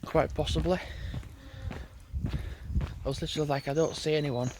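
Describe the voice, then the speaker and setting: Out on a country road with his dogs, a man records a vlog, chatting casually and thinking aloud in a rambling way. His voice is a little high, with a steady tone and a moderate pace, against a noisy background.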